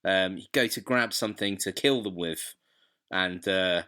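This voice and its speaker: Male co-host, young adult, chatty, tangent-prone, lower register. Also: a little slow, bright, forceful tone, clean tone. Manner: rambling, goes off on tangents. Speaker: podcast co-host. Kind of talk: casual chat.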